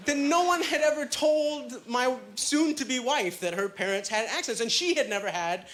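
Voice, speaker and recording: A man performing a stand-up comedy set on a club stage, chatty and self-deprecating, with plenty of filler words and quick asides. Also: very high voice, a bit bright, a little hiss or hum.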